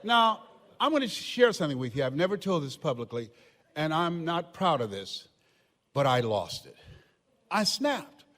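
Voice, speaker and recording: An older man giving a motivational speech to a live audience, telling stories with emphasis, often shouting and laughing. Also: fairly high pitch, very animated, normal speed, long pauses. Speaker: motivational speaker. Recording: long hall reverb.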